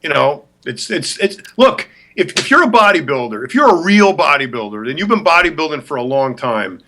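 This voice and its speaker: A man with a high, bright voice rants on a talk show. He is blunt and scornful and hammers his points home by repeating them. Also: sing-song, brisk, a little hiss or hum. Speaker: podcast co-host. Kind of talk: opinionated rant.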